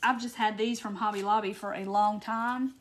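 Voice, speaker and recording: A woman's voice: medium pitch, fairly even intonation, moderate pace. A woman hosting a casual live-stream craft demo, chatty and gushing as she reads viewer comments aloud. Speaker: craft tutorial host.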